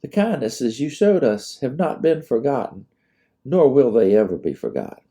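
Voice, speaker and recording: Courteous young cavalry-era lieutenant, author voicing him, dark tone, expressive; storybook. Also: male voice, medium pitch, moderate pace, voice pushed up. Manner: formal and courteous.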